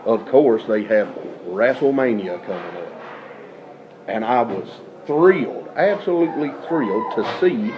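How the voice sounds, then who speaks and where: A man's voice: mid-range voice, lively intonation, measured pace, dull audio, noisy background. A man being interviewed as a wrestler, talking in a brash, hyped wrestling-promo style.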